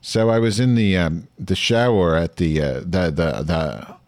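A man's voice: deep voice, a little slow. Rambling crude-joking man host. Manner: rambling, crude and deadpan, with frequent fillers. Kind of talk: casual comedy chat.

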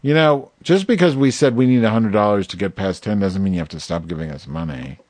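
A man making a prank phone call, talking in a sardonic, mumbling, deadpan way. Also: fairly low pitch, fairly quick, no room sound. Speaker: prank caller.

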